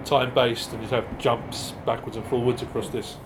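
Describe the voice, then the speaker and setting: A man with a middle-of-the-road pitch chats casually as an interview guest. He talks in quick, self-deprecating bursts and often restarts his sentences. A faint hum of background noise sits under his voice. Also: little pitch movement. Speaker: improv performer guest.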